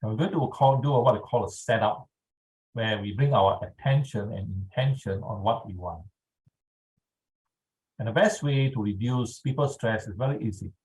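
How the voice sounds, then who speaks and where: A man leading a guided tapping exercise over a video call, speaking calmly and checking in often with his listeners. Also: fairly low pitch, rough recording. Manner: slow, calm instructional pacing with frequent "all right". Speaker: EFT tapping instructor.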